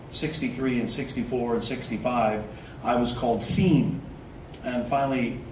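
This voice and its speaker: A man's voice: fairly high pitch, a little hiss or hum. Man in his fifties leading a talk in an echoey hall. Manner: slow, drawn-out chanting of short affirmations; relaxed, humorous storytelling. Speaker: spiritual speaker. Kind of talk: guided spiritual talk with personal stories. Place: indoor event venue before a live group. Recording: echoey hall recorded from a distance, faint ambience.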